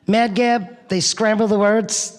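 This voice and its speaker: Middle-aged New York woman, laughing storyteller giving a eulogy, unhurried, long church-hall reverb. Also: medium pitch, fairly even intonation. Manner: chatty storyteller who laughs through her stories. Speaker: eulogy speaker. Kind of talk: eulogy sharing funny memories.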